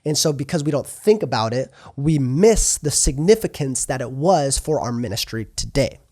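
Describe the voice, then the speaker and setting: A young man preaching a sermon in a lively, conversational way, asking his listeners questions. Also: mid-range voice, no echo, clean studio sound.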